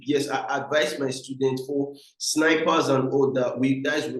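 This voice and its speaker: A man with a Nigerian English accent giving a trading lesson, emphatic and repetitive, often calling his viewers guys. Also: medium pitch. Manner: emphatic, repeats points, addresses viewers as guys. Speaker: trading mentor. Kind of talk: instructional talk. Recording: very echoey room.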